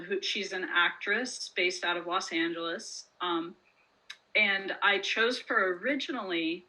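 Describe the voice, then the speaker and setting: Bright chatty woman, author on an interview, lots of likes and ums, laughs a lot. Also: mid-range voice, low-quality recording. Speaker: author guest. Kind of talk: casual interview chat.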